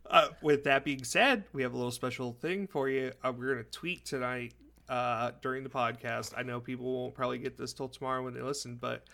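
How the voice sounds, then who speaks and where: A man's voice: medium pitch, gravelly, a bit bright. A young man co-hosting a casual podcast, chatty and upbeat, with lots of fillers. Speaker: podcast co-host.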